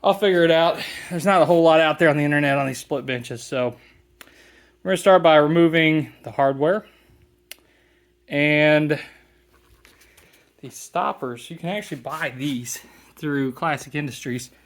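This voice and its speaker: A man's voice: a little high, moderate pace, long pauses. A man talking casually while working on a car seat in his garage, thinking aloud with plenty of fillers. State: slightly out of breath at times. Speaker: DIY car restorer. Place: home garage.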